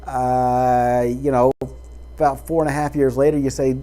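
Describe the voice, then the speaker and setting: A man's voice: medium pitch, little pitch movement, a little slow, mellow. A man talking into his webcam in a casual personal monologue, rambling with many fillers and false starts.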